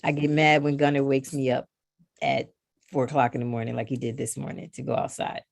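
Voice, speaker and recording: A woman's voice: extremely low pitch, brisk, gravelly, no room sound, clean studio sound. A middle-aged woman, a guest on a knitting podcast, chatting casually and acting out what others said to her. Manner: animated storyteller who acts out others' lines. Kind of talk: casual conversation.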